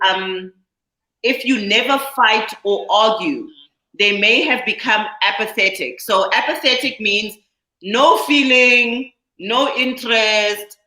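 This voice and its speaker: A woman hosting a podcast in casual chat, animated and laughing often as she reads from articles. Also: medium pitch. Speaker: podcast host. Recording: roomy echo.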